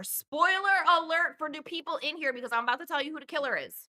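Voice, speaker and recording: A woman with a fairly high, bright voice hosts a casual podcast and retells a film scene by scene. She talks in an animated way, swears freely and slips into quick character voices as she goes. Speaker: podcast host. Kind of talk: casual movie review chat.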